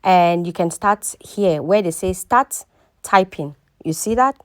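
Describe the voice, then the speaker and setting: A woman's voice: lowish voice, lively intonation, unhurried, no room sound, clean studio sound. A woman hosting a casual step-by-step tutorial. She repeats herself often and keeps checking in with the viewer. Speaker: tutorial host. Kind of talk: casual screen-recording tutorial.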